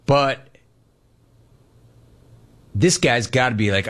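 A man's voice: medium pitch, animated, moderate pace, a bit bright. A man hosting sports talk radio, delivering an emphatic monologue and repeating lines for punch, into a studio microphone.

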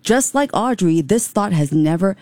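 A woman's voice: medium pitch, animated, normal speed, darkish tone, no room sound. A woman co-hosting a radio talk show, chatting conversationally and telling personal anecdotes. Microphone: studio microphone.

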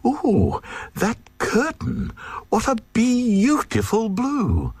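A man voicing a vain female queen of the Glugs, with shrill, swooning exclamations in a husky falsetto. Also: wildly swooping pitch, drawn-out words, darkish tone, no room sound, heavily acted. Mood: gushing.

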